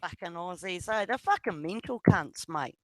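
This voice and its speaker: A woman's voice: on the low side, lively intonation, normal speed, no echo. A woman with a New Zealand accent in a casual voice chat, rambling, swearing freely and laughing often.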